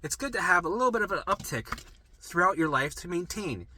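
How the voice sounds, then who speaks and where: A man who coaches recovery, teaching in a casual monologue to camera while drawing. He talks in an animated way, swears freely and acts out little quotes. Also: sits high, fairly quick, a little hiss or hum.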